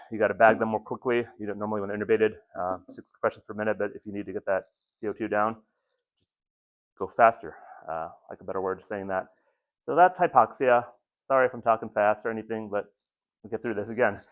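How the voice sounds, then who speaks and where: A man with a lowish voice gives a loose, casual training lecture, stumbling through restarts and filler words as he explains. He pokes fun at himself along the way. The recording sounds muffled and lo-fi. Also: little pitch movement, fast talker. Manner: rambling, self-deprecating, many ums and restarts. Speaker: lecturer at an ambulance crew training.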